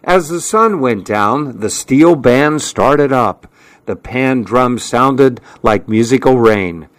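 A man narrating a story in a measured way. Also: medium pitch, expressive, no echo. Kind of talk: audiobook narration.

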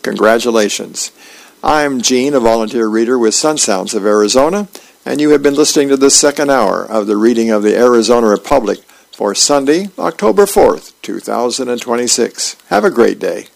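A man's voice: medium pitch, animated, normal speed, creaky, rough recording. A man, a volunteer reader, reading the newspaper aloud on the radio with small stumbles.

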